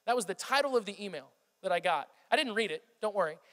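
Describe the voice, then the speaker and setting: A pastor in his thirties preaches a passionate sermon in a large church hall, often starting his sentences over as he rambles. His voice is high, expressive and a bit bright, and he talks at a quick pace.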